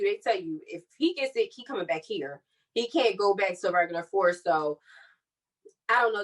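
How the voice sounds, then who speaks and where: A woman's voice: mid-range voice, distant mic, rough recording. Candid young woman, slightly off-mic. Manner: candid, animated retelling with quoted dialogue. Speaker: podcast co-host. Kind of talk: personal storytelling chat.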